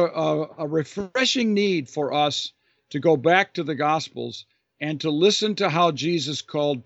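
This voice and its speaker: A man with a somewhat high voice explains his views earnestly and thoughtfully, stressing key words and often restarting or repeating a phrase. The recording is dull and lo-fi with a dry, close sound. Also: dry recording. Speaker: author and Bible teacher answering a listener's question.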